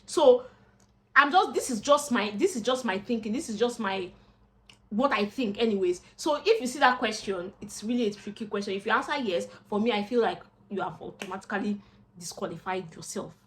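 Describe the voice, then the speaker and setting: A young woman with a Nigerian accent and a medium pitch talks a little fast to camera. A vlogger and job seeker, she chats casually and expressively, slipping into Pidgin asides.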